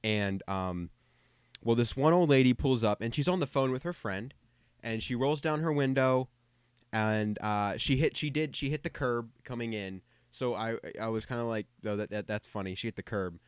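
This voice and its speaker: A man's voice: mid-range voice, expressive, normal speed, smooth, no room sound. Young male co-host, chatty storyteller, dry close mic. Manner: rambling, self-interrupting, frequent repeated words. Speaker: podcast co-host. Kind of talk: casual anecdote storytelling.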